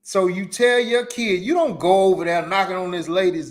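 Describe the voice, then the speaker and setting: A man's voice: sits high, moderate pace, few pauses. A man hosting a solo live podcast, giving emphatic, repetitive advice in casual slang. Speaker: podcast host. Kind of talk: solo live-stream commentary.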